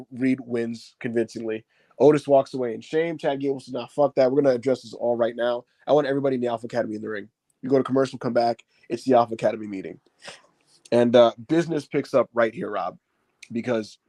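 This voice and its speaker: A man recapping a wrestling show in casual chat, telling it with lots of fillers and acting out the quotes in big shouts. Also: mid-range voice, no echo. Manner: animated retelling, acts out quotes in raised shouts.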